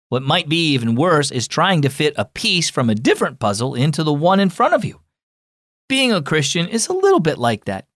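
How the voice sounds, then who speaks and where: A man's voice: medium pitch, no echo, clean studio sound. A man hosting a children's devotional show, reading a story in a cheerful, upbeat scripted narration. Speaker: host.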